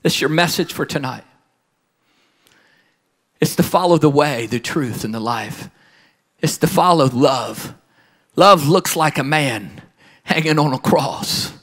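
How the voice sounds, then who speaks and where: A man preaches with passion, his voice sitting a little high for a man. He leans on slow, emphatic repetition and drives his phrases home. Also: fairly bright tone. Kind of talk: sermon.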